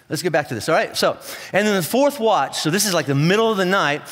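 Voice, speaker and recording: A man's voice: a little high, expressive, quick pace, a bit bright. A man preaching a sermon, telling a story with playful asides and acting out voices. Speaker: pastor. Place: large church hall. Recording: church hall with long reverb.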